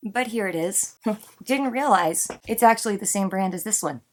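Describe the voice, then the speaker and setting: A woman's voice: mid-range voice, moderate pace. A woman in her thirties vlogging to camera, tearful and anxious, talking in an earnest, emotional way. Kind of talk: personal vlog, talking to camera.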